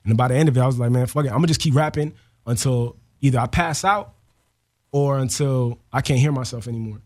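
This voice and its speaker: A rapper telling a story in an interview, animated and full of slang. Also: male voice, medium pitch. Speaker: rapper guest.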